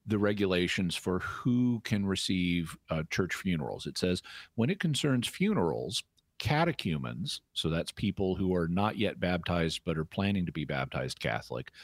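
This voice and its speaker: Answering callers on a radio show, this man has a very deep voice and a patient, teacherly way of explaining, sometimes starting a sentence over. The recording is close and dry.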